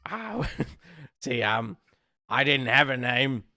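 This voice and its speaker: A man voicing a cocky young male kobold who brags about his tricks, with a loud, chummy manner. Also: medium pitch, big pitch swings, slow, vocal fry, no echo, studio quality, exaggerated voice. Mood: boastful.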